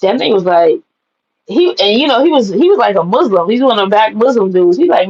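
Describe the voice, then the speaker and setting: A woman telling animated, profane personal stories to the camera and laughing at them. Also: on the high side, brisk, muffled recording. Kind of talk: casual storytelling to camera.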